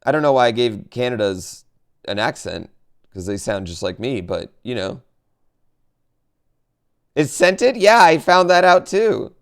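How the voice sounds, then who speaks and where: A man's voice: medium pitch, big pitch swings, unhurried, pauses often, clean tone. A man streaming live, chatting casually and animatedly to his chat, swearing and going off on tangents.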